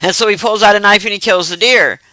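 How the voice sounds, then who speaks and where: A man's voice: high-pitched, quick pace, pushed and bright, dry recording, rough recording. A man casually recapping a film plot in a rambling, profane way with frequent laughter. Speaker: movie reviewer.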